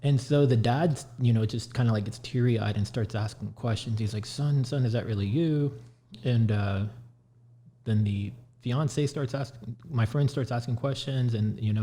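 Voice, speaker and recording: A man who runs a paranormal show, telling a story casually on a podcast and acting out the quotes. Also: mid-range voice. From Houston area, USA. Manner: animated, retells quotes. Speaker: guest, paranormal investigator.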